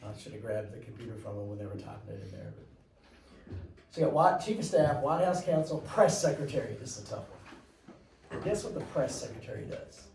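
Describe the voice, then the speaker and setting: A man's voice: mid-range voice, animated, fairly quick, vocal fry, a little mellow, reverberant, far from the mic, slight background noise, low-quality recording. A man teaching a class, chatty and rambling, with jokey asides to his students. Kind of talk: classroom lecture.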